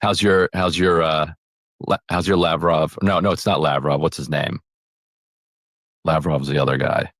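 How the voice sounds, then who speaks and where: A man's voice: very deep voice, steady tone, moderate pace, long pauses, fairly bright tone, no room sound, studio quality. A man co-hosting a podcast, chatting casually about politics with many restarts, played as a clip. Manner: rambling, many restarts, quotes others in paraphrase. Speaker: podcast co-host.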